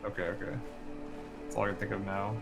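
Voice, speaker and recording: A man co-hosting a casual game playthrough, joking around and quick to say sorry. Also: fairly low pitch, little pitch movement, creaky. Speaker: let's play co-host. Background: game music.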